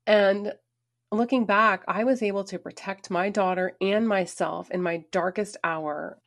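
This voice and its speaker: Earnest woman telling her story. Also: lowish voice. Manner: earnest, emphatic, shifting pace. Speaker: speaker sharing her story. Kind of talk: personal storytelling talk.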